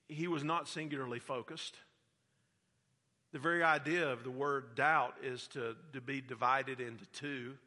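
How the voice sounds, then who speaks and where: A man preaching a sermon as a pastor. He builds to loud, emphatic peaks, then drops back to quiet, earnest teaching. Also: mid-range voice, in a large hall.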